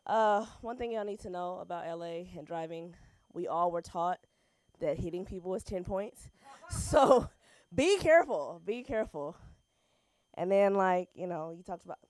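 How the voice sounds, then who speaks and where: A woman's voice: fairly low pitch, moderate pace, darkish tone, clear, resonant tone, no room sound. A woman doing open-mic stand-up in a small comedy club, playful and chatty, talking to the room and the stream chat.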